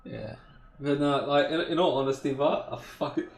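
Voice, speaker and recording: A man co-hosting a gaming podcast, excitable and teasing in casual chat, swearing often. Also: on the high side, moderate pace, vocal fry, roomy sound. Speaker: podcast co-host.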